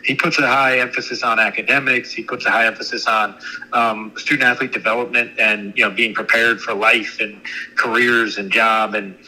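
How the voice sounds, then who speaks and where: Very bright-voiced, earnest athletics director. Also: male voice, fairly low pitch, fairly even intonation, poor audio. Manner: earnest, halting, repeats himself. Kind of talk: radio interview guest.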